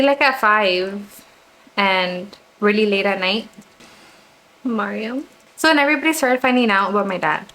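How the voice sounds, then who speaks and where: A woman's voice: mid-range voice, fairly bright tone, a little hiss or hum, poor audio. A woman in her twenties telling a personal story while getting ready on camera, chatty and casual with lots of filler words. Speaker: vlogger.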